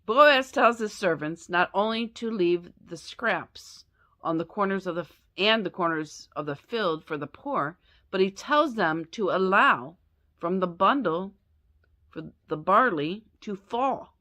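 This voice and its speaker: A woman's voice: mid-range voice, animated, measured pace, sharp tone. A woman retelling a Bible story as a lesson, chatty and self-correcting, with asides to her listeners.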